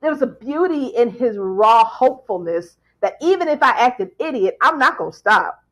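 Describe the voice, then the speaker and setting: A woman's voice: a little high, expressive, normal speed, a bit bright. A woman talking enthusiastically in a casual podcast chat, laughing often and repeating words.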